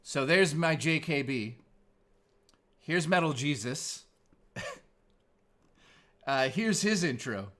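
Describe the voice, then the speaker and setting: A man's voice: a little high, expressive, slow pace, pauses often, a bit bright. A man in his forties, a streamer host chatting casually in a laid-back, surfer-style way. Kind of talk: casual live-stream chat.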